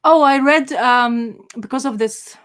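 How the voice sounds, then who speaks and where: A woman's voice: high voice, measured pace, smooth. A woman chatting casually as a podcast co-host, rambling with enthusiasm and many fillers and restarts. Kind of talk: casual chat.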